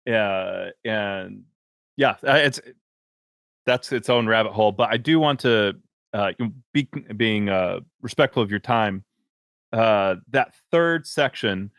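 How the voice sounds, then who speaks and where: A man hosts a podcast in a loose, rambling way, circling back with fillers before landing his point. His voice is fairly low. The sound is dry and close, with no room echo. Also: fairly bright tone. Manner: rambling, hesitant, filler-heavy. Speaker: podcast host. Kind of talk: casual podcast conversation.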